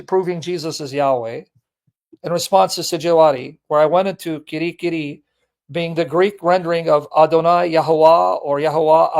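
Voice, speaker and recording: Man, high voice, gravelly, blunt teasing host, emphatic repetition. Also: darkish tone. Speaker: apologetics show host. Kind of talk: live call-in debate chat.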